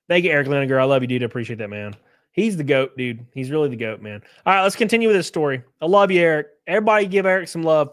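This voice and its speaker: A man's voice: medium pitch, a bit bright, no room sound, clean studio sound. A man hosting a casual live stream, rambling through effusive thanks to viewers and reading a story aloud.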